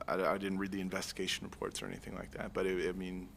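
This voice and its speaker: Very deep, gravelly man, laid-back. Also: completely flat delivery, a bit bright, a little hiss or hum. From Marshall Islands. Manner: laid-back, dry and sarcastic, halting with fillers. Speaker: guest, army veteran. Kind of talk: casual interview chat.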